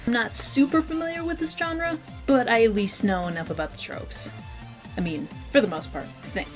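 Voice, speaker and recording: A woman's voice: fairly high pitch, expressive, normal speed, faint music behind. A woman giving a casual spoken review of a cartoon episode, rambling and frankly opinionated.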